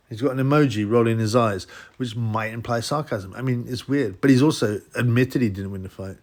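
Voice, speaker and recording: A man's voice: mid-range voice, a little fast. Rambling male host, casual solo commentary with many restarts. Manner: rambling, restarts, mock voices for quotes. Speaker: boxing channel host.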